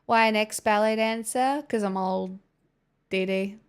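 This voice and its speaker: A woman's voice: medium pitch, fairly even intonation, a little slow, clean tone. An Australian woman livestreaming, chatting casually and answering viewers' messages with rambling restarts.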